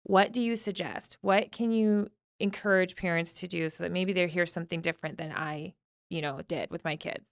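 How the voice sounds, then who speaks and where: A woman co-hosting a podcast, asking a reflective question in a soft, thoughtful way. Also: lowish voice, fairly even intonation, normal speed, no echo, clean studio sound. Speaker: podcast co-host. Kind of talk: podcast conversation.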